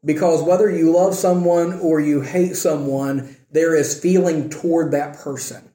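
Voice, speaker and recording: A man's voice: a little high, fairly even intonation, unhurried, mellow, echoey room. A man teaching a church class on marriage, often asking the class questions and checking in with "okay" and "right". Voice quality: says he has trouble with R's.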